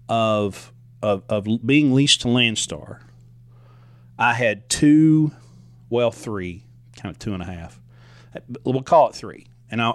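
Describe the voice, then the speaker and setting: A truck driver tells stories from the road in a casual, rambling monologue, conversational and full of restarts and asides. His voice is medium-pitched, and the recording is dry.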